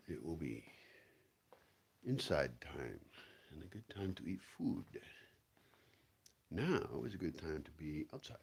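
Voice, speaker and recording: Man, husky voice, rambling casual vlog, swears a lot, pitch rising and dipping a lot. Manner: rambling, profane, talks to himself and his dogs. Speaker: vlogger.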